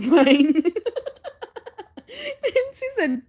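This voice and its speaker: A woman vlogger telling stories in casual chat, animated and often breaking into laughter. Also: medium pitch, moderate pace.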